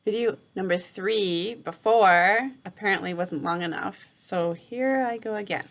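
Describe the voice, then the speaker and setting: Slow, calm woman reading a story aloud. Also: medium pitch. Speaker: reader.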